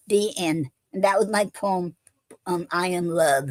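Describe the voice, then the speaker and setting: A woman hosting a poetry livestream who invites guests to read, then recites her own poems in an unhurried way, with plenty of fillers and pauses between them. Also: lowish voice, darkish tone, no room sound, low-quality recording.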